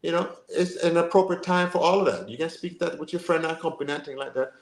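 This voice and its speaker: A man, co-hosting a casual football podcast in an animated, rambling way. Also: on the high side, fast talker, vocal fry. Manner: animated, rambling, full of fillers and asides. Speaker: podcast co-host. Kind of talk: casual chat. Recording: roomy echo.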